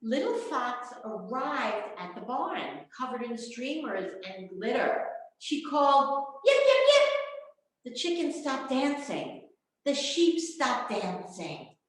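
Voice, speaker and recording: Animated woman reading a storybook aloud. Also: on the high side, takes it slowly. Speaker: children's librarian. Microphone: video call. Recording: echoey room over a video call.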